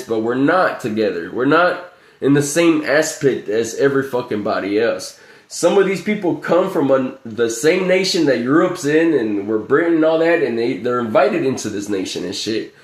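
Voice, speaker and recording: A man rambles through a profane livestream rant, circling back to the same filler again and again. His voice sits a little high for a man, and it bounces around an echoey room. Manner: profane, repetitive, keeps saying "you know what I'm saying". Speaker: livestream host.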